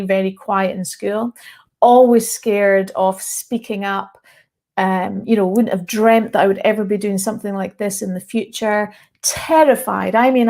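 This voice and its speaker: A woman's voice: medium pitch, darkish tone. A woman with a Scottish accent, speaking to viewers as a mindset coach. She talks earnestly and candidly and is close to tears, with breaks of laughter. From Scotland. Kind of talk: personal story told to viewers.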